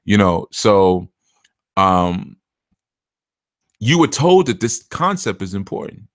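Male spiritual teacher, casual and chatty, low voice, dry close recording. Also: sing-song, takes it slowly, no echo. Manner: conversational, laughs often, puts on voices for quotes. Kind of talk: casual talk to listeners.

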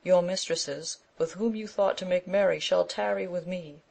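A woman reading the lines of a treacherous male knight, in a scornful, mocking tone, in a low, gravelly voice. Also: fairly even intonation, moderate pace, a little mellow.

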